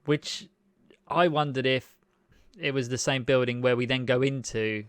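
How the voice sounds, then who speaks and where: A man's voice: medium pitch, fairly even intonation, measured pace, fairly bright tone, clear, resonant tone, dry recording. A man co-hosting a casual film chat in a breezy, teasing, enthusiastic way. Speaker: film podcast co-host.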